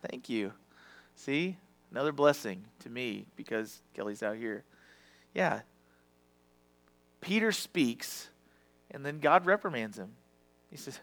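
A man preaching a sermon with passion, swinging from loud to hushed and sometimes stumbling over his words. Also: mid-range voice, lively intonation, measured pace, pauses often.

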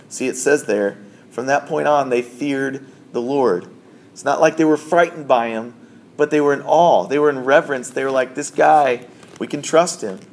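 A man's voice: a little high, a little hiss or hum. A man preaching a sermon in a conversational way, with asides and self-corrections. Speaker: pastor.

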